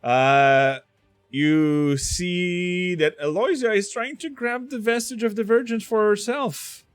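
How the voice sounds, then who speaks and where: Casting: slow, animated male game master, dry close sound. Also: high voice, clear, resonant tone, dry recording, faint music behind. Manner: laughing, hesitant, many fillers. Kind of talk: narrating a tabletop game.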